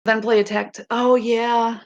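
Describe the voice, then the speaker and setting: A middle-aged woman with a hoarse voice, chatting casually on a live stream to her viewers, rambling and laughing often. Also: a little high, flat delivery, a little slow, dull audio.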